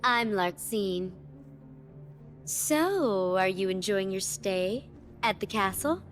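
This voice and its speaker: A woman's voice: mid-range voice, lively intonation, slow. A woman voicing a sly young woman villain in a video game, speaking in a mocking, teasing drawl. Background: faint game music.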